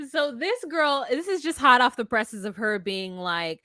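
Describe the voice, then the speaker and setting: A woman co-hosting a podcast, casually recapping a reality show, animated and outspoken, swearing freely. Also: fairly high pitch, normal speed, no room sound, studio quality. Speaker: podcast co-host.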